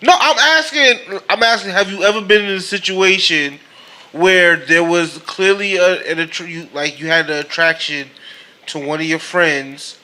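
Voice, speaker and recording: A man co-hosting a casual podcast chat, playful and quick to laugh while asking pointed questions. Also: high-pitched, pushed and bright. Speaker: podcast co-host.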